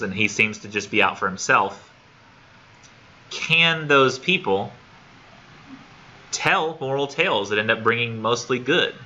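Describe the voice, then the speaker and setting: A man teaching a college English class in a casual, animated lecture with many fillers. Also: on the low side, dull audio.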